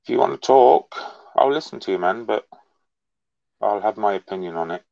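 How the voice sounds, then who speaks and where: A man with a very low, gravelly voice, speaking calmly and earnestly to reassure someone. His voice comes through dull, dry call audio. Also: moderate pace, no echo. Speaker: guest. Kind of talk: supportive casual call chat.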